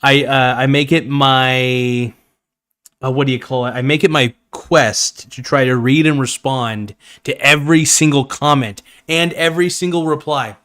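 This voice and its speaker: A man's voice: medium pitch, steady tone, measured pace, a bit bright, smooth. A man hosting a live stream, chatting casually in an enthusiastic, rambling and jokey way.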